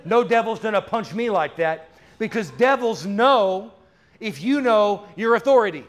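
A man preaching a charismatic sermon in a church, fervent and building to loud declarations. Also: high voice, expressive, measured pace. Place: church sanctuary.

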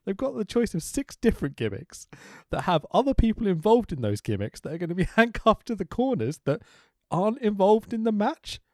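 A man's voice: high-pitched, sing-song, a little fast, dry recording, clean studio sound. A man co-hosting a casual wrestling podcast, swearing and laughing sarcastically. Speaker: podcast co-host.

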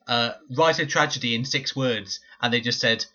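A man's voice: mid-range voice, moderate pace, pushed and bright, dull audio. A man co-hosting a wrestling podcast, rambling and swearing with lots of fillers. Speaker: podcast co-host. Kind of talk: casual podcast chat.

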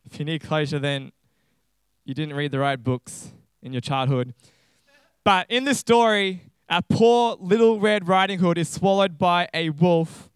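Aussie pastor guy, chatty sermon, smooth voice, dry close sound. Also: on the high side, dry recording. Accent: Australian. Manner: chatty, storytelling.

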